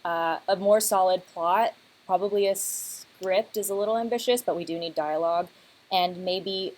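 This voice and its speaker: A young woman student pitching her team's comic project in class, casual and full of "like" and "um". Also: normal speed, darkish tone, poor audio. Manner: casual, many fillers like "like" and "um". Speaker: student presenter.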